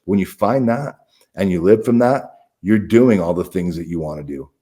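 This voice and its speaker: A man's voice: low-pitched, normal speed, dark tone. A middle-aged man, a podcast guest, talking candidly in a blunt, profane way with frequent restarts. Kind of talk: candid conversational storytelling.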